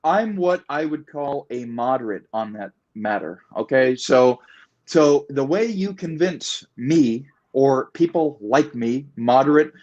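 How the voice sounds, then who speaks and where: A man talking in a political discussion, emphatic and repetitive, building his points in long animated runs. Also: medium pitch, slow, lo-fi sound. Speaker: guest. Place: Puget Sound area.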